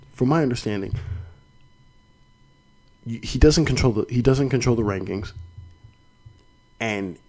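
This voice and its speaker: Young man, podcast host, mellow dark voice, rambling casual talk, restarts. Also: mid-range voice, low-quality recording. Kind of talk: solo fight commentary podcast.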